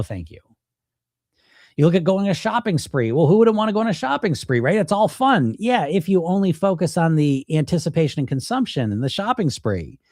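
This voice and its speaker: Male weight-loss coach, blunt and animated, slightly high voice, dry close sound. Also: no room sound. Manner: animated, acts out inner self-talk in quoted voices; blunt, casual swearing. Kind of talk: direct-to-camera coaching talk.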